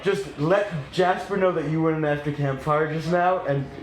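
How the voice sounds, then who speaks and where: A man's voice: fairly high pitch, normal speed, a little hiss or hum. Playful young man, roomy echo. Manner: rambling, playful, restarts a lot. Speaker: video host, former camp staffer. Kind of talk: casual group chat.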